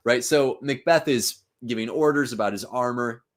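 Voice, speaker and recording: A man's voice: medium pitch, moderate pace. A man in his thirties hosting a live-stream reading, explaining a play in a casual, conversational way with frequent fillers and checks like "right?". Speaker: literature teacher and channel host.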